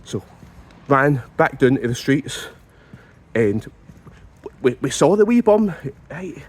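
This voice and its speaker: A man with a Scottish accent telling a comic story as a monologue, animated and stumbling over repeated words in mock outrage. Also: mid-range voice, slow, a little hiss or hum.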